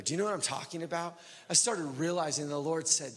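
Casual young preacher in a reverberant hall. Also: male voice, on the high side, brisk. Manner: casual, full of "like", swings from loud to hushed. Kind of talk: sermon with a personal story. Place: church hall.

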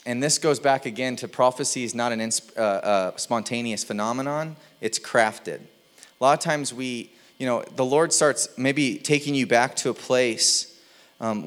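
A male pastor delivering a sermon in an easy, conversational voice. His delivery is animated and keeps the mood light. He slips into playful little impressions now and then. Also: medium pitch.

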